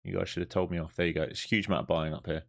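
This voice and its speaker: A low-voiced man talks through a live trade as it unfolds, thinking aloud in a loose, profane, chatty way. He sounds overtired, like he's been at it all day. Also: level tone, racing, creaky, fairly bright tone. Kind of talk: live trading commentary.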